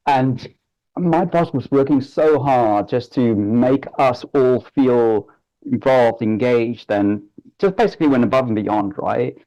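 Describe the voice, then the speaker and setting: A man's voice: mid-range voice, measured pace, warm tone, muffled recording. A man on a work panel telling a personal story in an earnest, emotional, chatty way. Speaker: panel guest.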